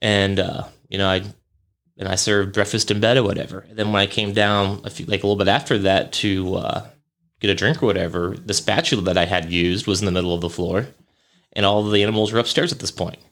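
A man's voice: deep voice, steady tone, fast, a bit bright. A young man hosting a podcast, rambling through a casual story with lots of fillers, swearing and chuckles. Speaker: podcast host.

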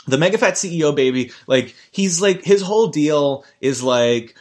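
A man's voice: mid-range voice, animated, unhurried. Rambling, profane man reviewing a cartoon. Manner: rambling, profane, self-interrupting. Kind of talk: casual comedic commentary.

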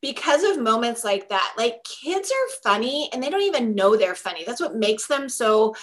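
Woman, 50s, co-host; higher, bright voice, excitable and upbeat. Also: normal speed. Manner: enthusiastic, excitable. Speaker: podcast co-host, teacher. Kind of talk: casual chat.

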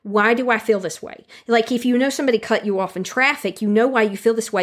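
A woman giving a calm, earnest self-help talk that speaks directly to the listener and repeats key phrases for emphasis. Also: fairly high pitch, quick pace. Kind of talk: teaching monologue on handling anger.

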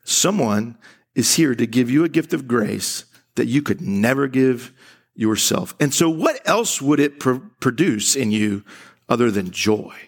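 A man's voice: medium pitch, expressive, unhurried, breathy edge. A man preaching a sermon at a church service in a conversational way, often restarting his sentences. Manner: conversational, laughing often, acting out quoted voices; frequent restarts and stammered starts. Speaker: pastor.

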